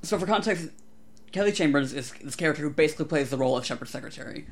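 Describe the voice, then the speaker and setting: A man co-hosting a podcast, ranting with animated, profane energy. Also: fairly high pitch, rapid-fire. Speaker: podcast co-host. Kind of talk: casual chat.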